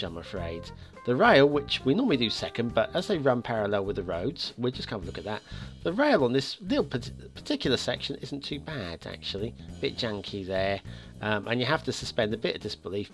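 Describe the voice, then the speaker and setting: Male host, animated game-review patter, filler-heavy, faint music bed. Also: medium pitch. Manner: chatty, lively, with many filler pauses. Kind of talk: casual video game commentary. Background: faint background music.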